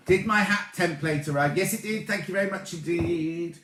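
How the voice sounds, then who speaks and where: A man in his late thirties hosting a casual sewing livestream, chatting excitably and greeting viewers by name as he reads their comments. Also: high-pitched, moderate pace, background noise. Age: 30s. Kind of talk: casual live-stream chat reading comments. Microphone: tablet or camera mic. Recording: echoey room.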